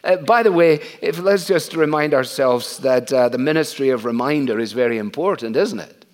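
An earnest, middle-aged or older man preaching an expository sermon at a medium pitch. He talks in a conversational way, with frequent "uh" pauses and rhetorical questions thrown to the listeners.

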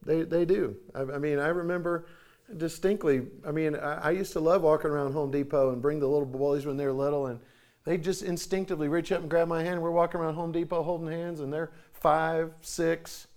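American man in his forties, chatty and animated. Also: brisk. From United States. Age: 40s. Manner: conversational storytelling, acts out quoted voices with sharp pitch jumps; frequent restarts and throat clearing. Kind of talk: casual talk on parenting.

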